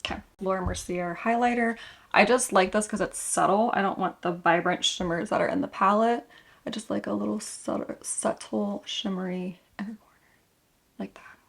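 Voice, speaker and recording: Young female beauty vlogger, casual tutorial chat, gravelly fry, mid-pitched. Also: steady tone, a little fast. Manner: chatty, rambling, self-correcting. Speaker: makeup vlogger.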